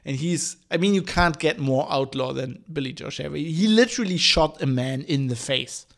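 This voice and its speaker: A male podcast host, hoarse from hay fever, chatting casually on his own, rambling with lots of fillers, restarts and swearing. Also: on the high side, moderate pace. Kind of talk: casual solo podcast chat.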